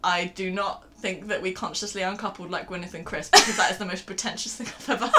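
A woman's voice: medium pitch, expressive, normal speed, bright, forceful tone. A young woman co-hosting a podcast in casual chat, often breaking into giggles. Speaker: podcast co-host.

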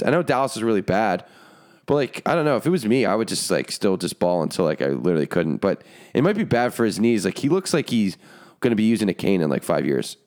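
A man's voice: mid-range voice, a little mellow. A man co-hosting a casual sports podcast, easygoing and rambling, with lots of "like". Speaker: podcast co-host.

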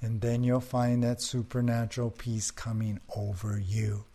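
A man's voice: mid-range voice, monotone, unhurried, dark tone. A man pastor preaching a sermon and leading a closing prayer, earnest with repeated rhetorical questions.

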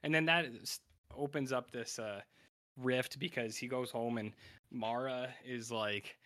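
A man's voice: mid-range voice, fairly even intonation, measured pace, bright, forceful tone. Rambling man recapping a show. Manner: rambling, acts out characters' lines in quotes. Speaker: podcast co-host. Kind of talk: casual chat recapping a TV show.

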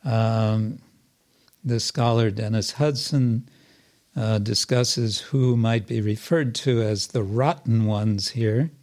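A man teaching a scripture class, reading verses aloud and explaining them slowly with many pauses and restarts. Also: lowish voice, a little mellow. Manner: slow and hesitant, many fillers and restarts.

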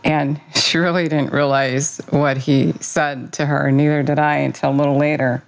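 A woman with a deep voice speaks at a normal pace in a flat delivery, captured on poor audio. She gives an informal devotional talk, starting with a prayer and then discussing her faith. Her manner is earnest and conversational, full of fillers and self-corrections.

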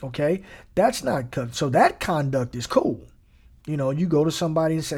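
A man's voice: a little high, big pitch swings, moderate pace, darkish tone, slightly rough. A man delivering a conversational sermon, casual and emphatic, repeating lines for effect and mixing in slang. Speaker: preacher.

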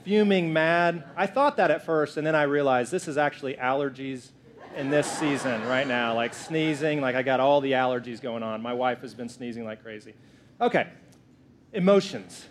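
A man's voice: medium pitch, normal speed, background noise. A man in his thirties, a pastor, preaching a sermon in a church in a playful, joking way. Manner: playful, lively, jokes with the congregation.

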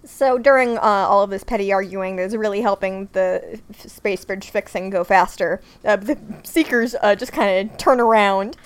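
Woman, podcast co-host, mid-pitched voice, giggly, joking, casual banter. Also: moderate pace, few pauses, clear, resonant tone. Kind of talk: casual recap chat.

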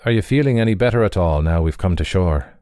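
A man's voice: low voice, animated, quick pace, mellow, dry recording, studio quality. A man playing a good-humoured but homesick young emigrant, talking earnestly.

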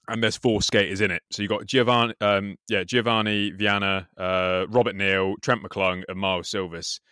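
A man casually commenting on a skate video with a co-host, excitable and swearing freely. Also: lowish voice, dry recording, clean studio sound. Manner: excitable, swears freely, says "mate" often.

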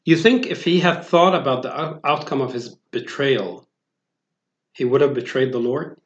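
A man's voice: mid-range voice, moderate pace. A man giving a sermon, talking in a conversational way with many fillers and restarts. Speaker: preacher. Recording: roomy, dull lo-fi sound.

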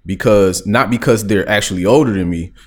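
A laid-back man co-hosting a casual conversation. He talks in a low, deep voice and keeps checking in with "you know what I'm saying". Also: brisk. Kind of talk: casual chat.

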